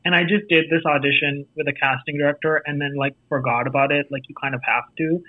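A man with an American accent, an actor telling stories about his career in a casual interview, animated and acting out quoted voices. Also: a little high, fast, no room sound. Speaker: actor and festival jury guest. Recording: tinny phone-like line.

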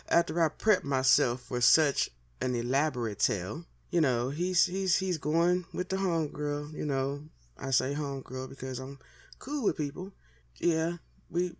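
A woman telling a raunchy personal story in a casual monologue, talking in a loose, slangy, heavily profane way and pausing to smoke partway through. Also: a bass voice. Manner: pauses to smoke mid-story.

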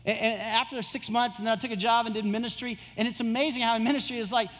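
A man's voice: very high-pitched, quick pace, few pauses, long reverb tail. A male pastor preaching a sermon in a casual, conversational way, repeating his key phrases.

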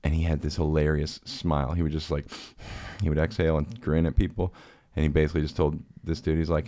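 A man's voice: very deep voice, flat delivery, fast talker, hardly any pauses, warm tone, no room sound. A man hosting a podcast, telling a rambling, profane, self-mocking story in casual chat. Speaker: podcast host.

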